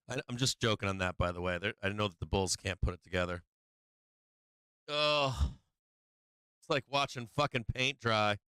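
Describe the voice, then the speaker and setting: During a live trading stream, a man curses in frustration while going over his losses, occasionally laughing at himself. His medium-pitched voice is bright and very clear, recorded close and dry with no room echo.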